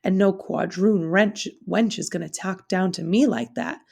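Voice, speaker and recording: A woman's voice: on the low side, measured pace, gravelly, a little mellow, breathy edge, full character voice. A woman voicing a sneering, bigoted middle-aged landlady, with a snapping, scornful drawl, read aloud from a novel.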